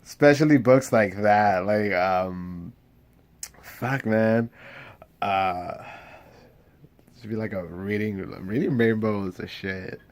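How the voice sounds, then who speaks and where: A man's voice: fairly low pitch, slow, pauses often. A young man talking in a casual, rambling monologue, swearing freely and losing his train of thought. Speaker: vlogger.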